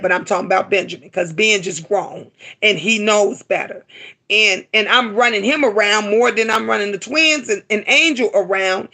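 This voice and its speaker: A woman's voice: medium pitch, bright, forceful tone. A middle-aged woman hosting a live stream, talking to her viewers with emotion and often repeating herself for emphasis. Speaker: livestream host.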